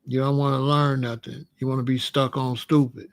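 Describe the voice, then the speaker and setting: A man's voice: medium pitch, level tone, normal speed, creaky. A man hosting a livestream, lecturing viewers in chat in a preachy, repetitive way. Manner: preachy, lecturing, repeats phrases. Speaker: host.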